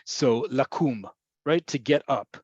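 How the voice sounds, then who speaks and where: A man's voice: mid-range voice, slow, slightly rough, no echo. Patient male teacher on a dry, dull line. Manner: patient, explanatory, frequent ums and rights. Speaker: Hebrew teacher. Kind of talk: online webinar lesson. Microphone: video call.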